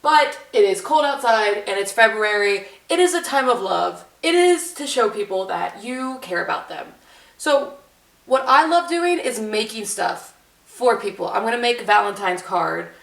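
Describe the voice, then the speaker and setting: Giggly chatty woman with a bright voice. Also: mid-range voice, animated, moderate pace, gravelly, recorded from a distance. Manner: chatty, giggly, rambling with many fillers. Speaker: vlogger. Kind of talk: casual baking vlog chat. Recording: echoey room, voice a bit off-mic.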